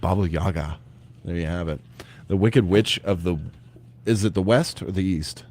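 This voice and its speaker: A man's voice: low voice, moderate pace, darkish tone. A man hosting a morning radio show, upbeat and playful, who laughs easily with his co-hosts. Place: radio studio.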